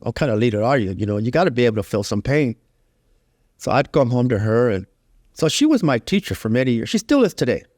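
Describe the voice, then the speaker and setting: A man's voice: medium pitch, big pitch swings, quick pace, darkish tone, no room sound. A middle-aged man, a guest telling his life story in a candid, conversational way, full of "you know" fillers.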